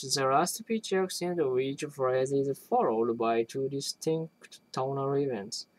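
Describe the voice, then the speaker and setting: A person reading an academic linguistics text aloud, haltingly, often restarting words and phrases. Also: mid-range voice, no room sound, rough recording.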